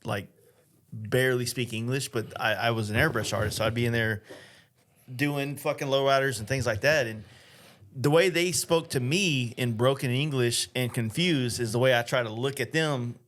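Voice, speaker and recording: A man's voice: medium pitch, normal speed, a bit bright. Laid-back man, swears casually. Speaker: podcast co-host. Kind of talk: casual chat.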